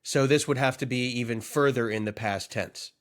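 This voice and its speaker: A man's voice: medium pitch, moderate pace. Guy on a comedy podcast, rambling mock-serious bits, medium voice. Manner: rambling, mock-earnest riffing. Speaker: podcast co-host. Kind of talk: comedic casual chat.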